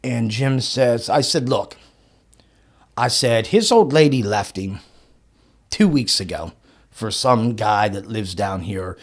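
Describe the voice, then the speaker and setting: A man on a podcast as the guest, telling a story in an excitable way. He swears often, laughs mid-sentence and acts out the dialogue. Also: lowish voice, slow pace, pauses often. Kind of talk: animated storytelling.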